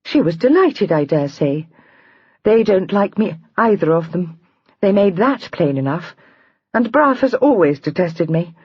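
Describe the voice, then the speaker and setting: A woman voicing a highly strung young lady who talks in an impulsive, throbbing, emotional way. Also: big pitch swings, unhurried, slightly rough, dry recording, full character voice. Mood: aggrieved. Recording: dry, slightly dull recording.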